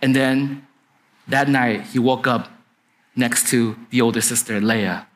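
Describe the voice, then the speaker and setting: A man's voice: medium pitch, steady tone, takes it slowly. A man preaching a sermon, retelling a story in casual slang and acting out the dialogue. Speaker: pastor.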